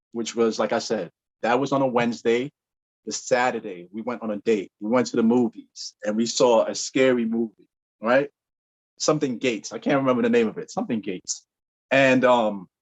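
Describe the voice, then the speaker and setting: A man, a podcast guest, telling a story in casual talk and acting out the dialogue with big swings in pitch. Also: muffled recording. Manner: animated, acts out dialogue with jumps in pitch.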